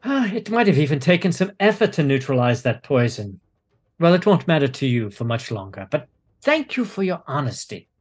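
A man's voice: fairly high pitch, big pitch swings, brisk, husky. A man voicing a silky menacing cult leader. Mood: mocking. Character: smooth menacing male cult leader, mocking.

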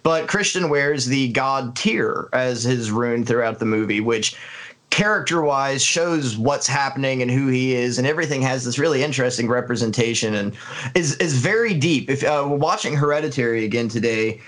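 A man co-hosting a casual film review podcast, talking in an earnest, analytical way with frequent pauses and fillers. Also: medium pitch, a bit bright. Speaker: podcast co-host.

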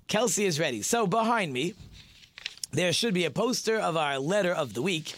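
A man's voice: sits high, animated, normal speed, fairly bright tone, a little hiss or hum. A man hosting a talk show, chatting casually in a rambling way and telling a joke. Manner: chatty, rambling, with fillers and restarts.

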